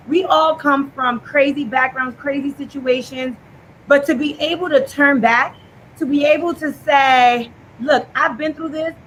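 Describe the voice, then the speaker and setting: A woman on a video call tells a heartfelt story with the odd "um". Her voice is high and bright. A faint low rumble sits behind her. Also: low-quality recording. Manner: warm storytelling, fillers like "um". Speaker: guest.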